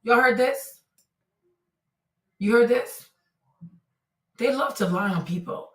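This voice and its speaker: Female stream host, somewhat high voice, emphatic repetitive commentary, recorded far from the mic in a roomy space. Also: takes it slowly, fairly bright tone. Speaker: livestream commentator. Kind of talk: live commentary on a case.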